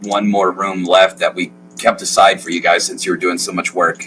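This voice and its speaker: A man with a low voice runs a tabletop game, chatty and quick to laugh. Faint ambience sits behind his voice. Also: level tone, background noise. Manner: chatty, laughs often, restarts. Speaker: game master.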